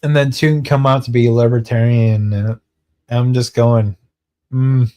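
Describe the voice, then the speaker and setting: With a mid-range voice and a dark tone, a man on a stream spins a rambling, casual tale. He now and then laughs and swears, and he acts out what his friends said in quick bursts.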